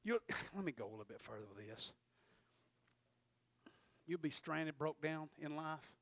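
Gravelly high-voiced preacher. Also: male voice, animated, a little slow, no echo. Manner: folksy, swings from hushed asides to shouted peaks. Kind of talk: sermon.

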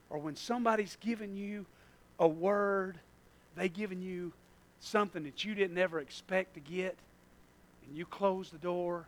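A man preaching a sermon, emphatic and full of repeated phrases, moving from loud bursts to hushed asides. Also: sits high, measured pace, pauses often.

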